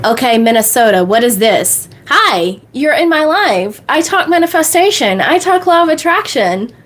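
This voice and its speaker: A woman coach answering viewer questions on a livestream in a bubbly, fast way. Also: high-pitched, big pitch swings, a bit bright. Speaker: manifestation coach.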